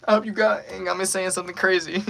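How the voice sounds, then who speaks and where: A man who is a voice actor, chatting casually on a live stream in an animated way and laughing often. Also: sits high, fast, gravelly, poor audio.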